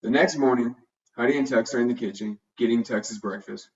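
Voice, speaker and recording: A man narrating a children's storybook in a steady, plain reading voice. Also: mid-range voice, a little fast. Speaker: storybook reader. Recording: dull, distant home recording.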